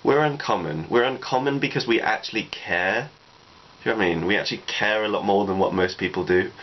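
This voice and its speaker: A man's voice: fairly low pitch, a little fast. A man, talking through personal advice in a reflective, rambling way, leaning on "you know" a lot. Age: 20s. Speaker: vlogger. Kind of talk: casual advice monologue. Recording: dull lo-fi recording with faint noise.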